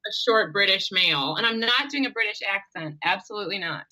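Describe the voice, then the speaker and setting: A woman author chats openly in a bright, lively voice, often laughing at herself. Her talk is casual and full of quick asides. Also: mid-range voice, low-quality recording. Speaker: author guest. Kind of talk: casual interview chat.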